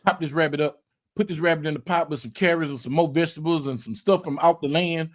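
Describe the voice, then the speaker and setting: A man, hosting a casual podcast and telling an animated story, repeating words and swearing as he acts out quotes. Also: fairly high pitch, fast talker. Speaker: podcast host.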